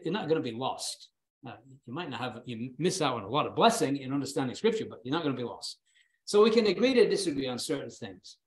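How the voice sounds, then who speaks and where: A man's voice: a little high, a bit bright. A male preacher delivering a sermon in an earnest, emphatic way, often repeating words as he stresses a point.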